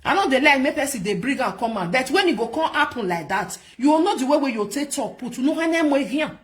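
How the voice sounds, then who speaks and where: A woman's voice: high voice, fast talker. A woman from Nigeria with a Nigerian Pidgin accent, ranting and scolding as a vlog host in casual commentary, repeating herself for emphasis. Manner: scolding, repetitive, animated.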